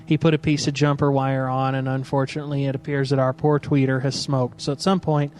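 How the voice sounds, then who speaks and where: A man's voice: medium pitch, flat delivery, brisk, darkish tone. A man hosting a late-night live stream, joking and addressing his audience, sounding tired. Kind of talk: casual live-stream chat.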